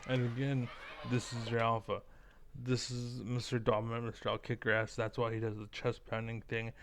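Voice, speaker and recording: Man, vlogger, rough gravelly voice, middle pitch; loose, profane, rambling rant. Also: level tone, moderate pace, music in the background. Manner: rambling, profane, full of likes and fillers. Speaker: vlogger reacting to clips. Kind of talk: casual ranting commentary.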